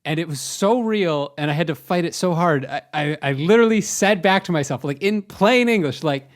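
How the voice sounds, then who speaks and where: This young man, co-hosting a podcast, speaks a little fast in a fairly high voice. He meanders hesitantly through a comedic tale that pokes fun at himself.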